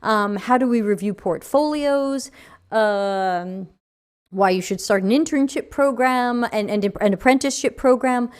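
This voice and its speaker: A woman with a New York accent hosts a casual livestream and talks through viewer comments. Her voice sits a little high, and she fills pauses with loose "um"s and "uh"s. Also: smooth. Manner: chatty, reads out viewer comments, frequent fillers. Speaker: podcast host.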